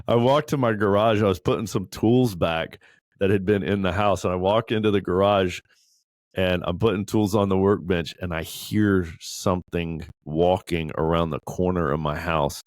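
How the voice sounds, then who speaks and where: A man's voice: low voice, no room sound. A middle-aged man giving a candid personal testimony, telling his story in a conversational way with frequent fillers. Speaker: ministry leader.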